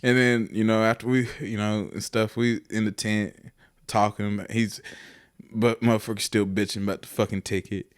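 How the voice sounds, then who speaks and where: A man's voice: fairly low pitch, level tone, normal speed. A young man, telling a profane, laughing story as a podcast co-host. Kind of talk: casual storytelling.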